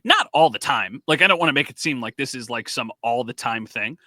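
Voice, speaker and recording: A man's voice: medium pitch, brisk, no echo. A man co-hosting a sports podcast, chatting casually and telling stories animatedly, acting out the quotes. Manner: animated storyteller, acts out quotes. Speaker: podcast co-host and sports reporter.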